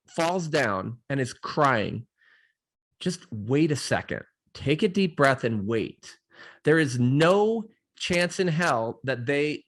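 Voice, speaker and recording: A middle-aged man hosting an interview, telling stories in a loose, rambling way full of fillers and restarts. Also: fairly high pitch. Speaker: host. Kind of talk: casual interview chat.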